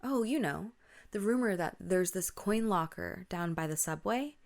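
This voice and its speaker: A woman's voice: lowish voice, lively intonation, a little slow, gravelly. A woman voicing a chatty schoolgirl who eagerly passes on a rumor to her friend, in a spooky story told on a podcast. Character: gossipy schoolgirl sharing a rumor.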